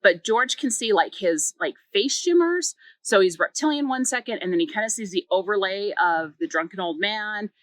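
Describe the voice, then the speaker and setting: A woman's voice: medium pitch, lively intonation, normal speed, few pauses, a bit bright, no room sound, rough recording. A woman reviewing a book, retelling its plot in a chatty way with many filler words and small acted quotes. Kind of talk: casual story recap.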